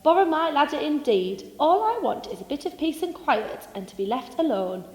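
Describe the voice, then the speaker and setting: A woman's voice: high voice, big pitch swings, moderate pace, in a large hall, voice pushed up. A woman voicing a grumpy, sleepy male badger who huffs and scoffs in a children's storybook reading. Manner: huffing, scornful outbursts.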